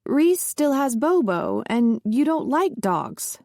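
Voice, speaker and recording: A woman's voice: fairly high pitch, animated, a little slow, darkish tone, dry recording, studio quality, pitched above the performer's own voice. A woman voicing an anxious grown son who tries to placate his demanding mother. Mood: anxious pleading. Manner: nervous, eager to please.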